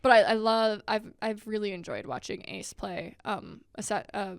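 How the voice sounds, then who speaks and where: A woman's voice: mid-range voice, normal speed, gravelly, smooth, dry recording, clean studio sound. A young woman co-hosting a casual podcast, telling stories with lots of laughter and acted-out quotes. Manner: animated, laughing storyteller who acts out quotes. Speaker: podcast co-host. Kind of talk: casual chat.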